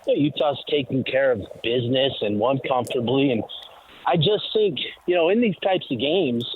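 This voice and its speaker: A man's voice: medium pitch, moderate pace, breathy edge. A man calling in as a team insider, giving casual sports analysis with many fillers while walking to the stadium. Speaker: team insider on phone line. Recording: tinny phone line.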